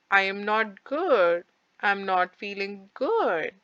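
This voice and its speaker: Slow, bright-voiced woman teaching French. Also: lowish voice, very animated, dry recording. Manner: slow, deliberate, repeats each phrase with translations. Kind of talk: recorded language lesson. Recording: dull lo-fi, dry.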